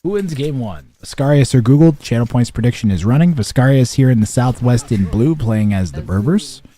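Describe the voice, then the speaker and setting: A man's voice: medium pitch, lively intonation, a little fast, mellow. A young man streaming a strategy game, chatting casually with viewers and commentating, rambling with lots of fillers and restarts.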